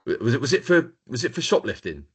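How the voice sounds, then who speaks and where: A man's voice: medium pitch, slightly rough. A man co-hosting a casual podcast chat, stumbling and repeating words as he talks. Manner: halting, repeats words, animated. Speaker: podcast co-host.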